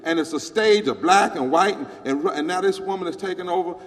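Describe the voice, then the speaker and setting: A man's voice: high-pitched, a little fast, long reverb tail. A man who is a pastor, telling a story on stage into a handheld mic with an emphatic preaching cadence.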